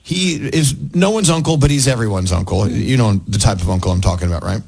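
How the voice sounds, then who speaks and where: A middle-aged man co-hosts a radio morning show, talking casually with a caller. His voice has a husky edge, and he rambles through stories with lots of restarts. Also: fairly low pitch, lively intonation, fast talker, a little mellow, rough recording. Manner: chatty and storytelling, with frequent restarts. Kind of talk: casual on-air banter with a caller.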